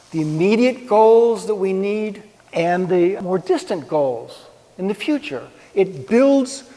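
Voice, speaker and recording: A man's voice: sits high, darkish tone. A man giving an informal, conversational talk on ethics to a live audience, with props and pointing. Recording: long reverb of a hall.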